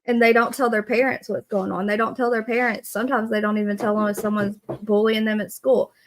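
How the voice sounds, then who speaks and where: A woman's voice: mid-range voice, little pitch movement, brisk. A woman, hosting a casual live stream and earnestly greeting viewers by name. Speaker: livestream host.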